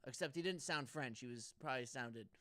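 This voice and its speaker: A man's voice: mid-range voice, fairly quick, a bit bright, dry recording, clean studio sound. A young man co-hosting a casual comedy podcast, rambling and stammering through restarts. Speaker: podcast co-host.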